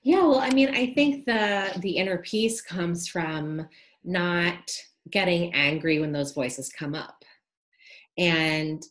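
A woman's voice: on the low side, takes it slowly. A woman, a podcast guest talking earnestly and reflectively in a casual interview. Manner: earnest, reflective, uses like and you know.

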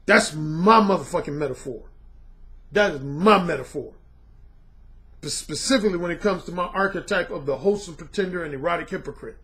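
A man's voice: on the high side, fairly quick, a bit bright. A middle-aged man and dating coach talking bluntly and casually to his viewers, dropping "man" and slang as he goes. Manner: blunt, colloquial, repeats "man".

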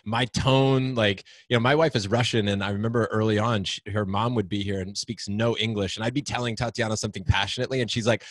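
A podcast host, a man with a fairly low voice, who talks with eager, emotional energy. He asks questions and reacts with open enthusiasm. His voice is recorded close and dry. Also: fairly even intonation, quick pace, hardly any pauses, no room sound. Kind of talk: podcast interview.

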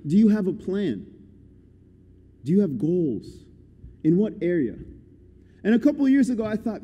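A young man delivers a guest sermon in a friendly, conversational way, encouraging his listeners as he goes. His voice sits a little high yet sounds deeply mellow and soft-edged. The echo of a large church hall trails after his words. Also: very animated, moderate pace, pauses often. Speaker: guest preacher.

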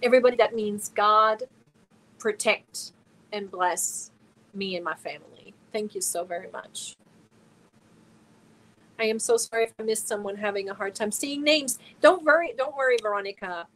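A woman's voice: mid-range voice, moderate pace, pauses often, a bit bright, low-quality recording. Earnest woman hosting a livestream chat. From Germany. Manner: earnest, openly emotional, reads viewer comments aloud. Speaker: crochet channel host.

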